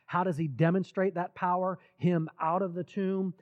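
A man preaching a sermon, retelling scripture stories earnestly with repeated words and dramatic pauses. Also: high-pitched, flat delivery. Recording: dull lo-fi recording.

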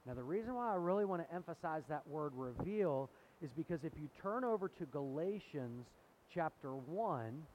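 Preaching a sermon, a male pastor teaches conversationally, citing scripture and questioning his audience. He sounds a little high and animated at a normal speed, and the recording is muffled with a faint hiss.

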